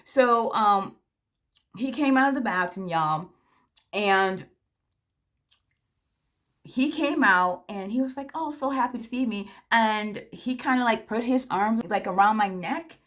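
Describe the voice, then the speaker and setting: A frank, chatty woman spins a storytime tale for her viewers, speaking to them directly in a relaxed vlog manner. Her pitch sits at an ordinary middle height for a woman. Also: slow pace, pauses often. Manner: frank and candid. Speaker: vlogger.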